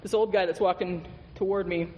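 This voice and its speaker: A man's voice: high voice, steady tone, a little fast, warm tone. A man giving a candid, profane recovery testimony as a guest speaker at a meeting, telling his story with laughs. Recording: reverberant hall with faint noise.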